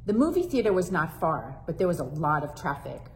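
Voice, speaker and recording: A woman working as a children's librarian, reading a storybook aloud to kids in a warm, friendly, expressive way. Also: sits low, a little fast.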